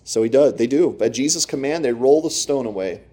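Man, pastor, sermon, warm low tone, chatty asides to the congregation, loud-to-hushed swings. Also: a little fast, breathy edge. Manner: animated storytelling, rising and dropping to near whispers; talks to the congregation directly with asides.

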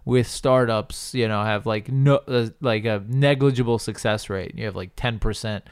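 A man's voice: fairly low pitch, moderate pace, clear, resonant tone, dry recording, studio quality. A man co-hosting a podcast, chatting casually about politics and arguing his point with sarcasm. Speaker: podcast co-host.

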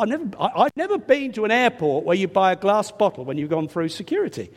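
Older English preacher, lively high voice. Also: male voice, normal speed. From England. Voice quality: slightly stuffy nose from a cold. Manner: chatty storyteller, self-deprecating, restarts often. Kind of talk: sermon with personal anecdote. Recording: long reverb of a large hall.

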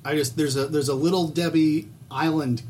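A man's voice: fairly high pitch, fairly even intonation, normal speed, a little mellow. A man co-hosting a casual chat, blunt and swearing freely. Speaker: podcast co-host. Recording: faint background noise.

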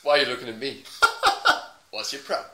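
A man's voice: mid-range voice, steady tone, quick pace, sharp tone, lightly acted. A man doing an aggressive put-on Southern US drawl as a hostile man picking a fight. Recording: roomy echo.

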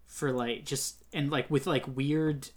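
A man's voice: medium pitch, steady tone, slow. Rambling opinionated male podcast co-host. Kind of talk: casual chat.

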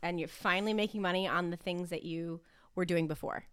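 A young woman talks easily in a casual co-host chat, rambling along. Her voice sits a little low, and the recording is dry and close. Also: a little fast, smooth, no echo. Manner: relaxed, rambling, with fillers and restarts. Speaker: podcast co-host reading horoscopes.

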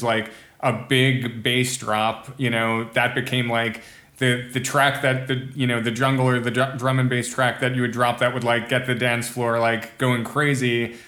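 Man in a roomy, echoey room, flat delivery. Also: medium pitch. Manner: thoughtful, searching for words. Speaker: guest musician. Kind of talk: casual podcast conversation.

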